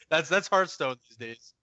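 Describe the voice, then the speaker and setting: Chatty man with a bright voice. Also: a little high, no room sound. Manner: chatty, laughs easily, agreeable. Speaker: podcast co-host. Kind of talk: casual podcast chat. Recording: dull, dry lo-fi podcast audio.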